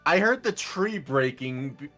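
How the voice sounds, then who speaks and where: A man hosting a casual co-op game stream, playful and quick to laugh, with mock-offended teasing. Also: fairly high pitch, lively intonation, sharp tone, faint music behind. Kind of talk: casual gameplay chat.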